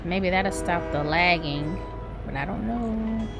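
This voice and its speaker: A woman hosting her gaming channel, giving excitable live commentary as she plays, exclaiming and talking to the game in casual, Southern-flavored speech. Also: fairly low pitch, slow pace. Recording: game music playing loudly behind.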